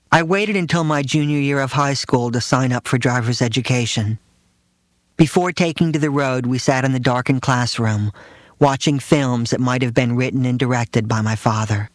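A man's voice: medium pitch, no room sound. Man reading a memoir, dry and matter-of-fact. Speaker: narrator reading his own memoir. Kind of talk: first-person memoir reading.

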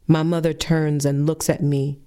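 Wry woman with a mellow low voice. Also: a little slow. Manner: wry, dry deadpan humor. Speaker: storyteller. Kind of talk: performed personal story.

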